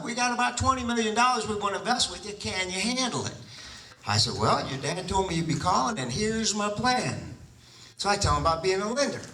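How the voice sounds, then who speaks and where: A man's voice: high-pitched, sharp tone, roomy sound, recorded from a distance, rough recording. A man telling a personal story to an audience, acting out both sides of his conversations. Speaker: real estate investor telling his story.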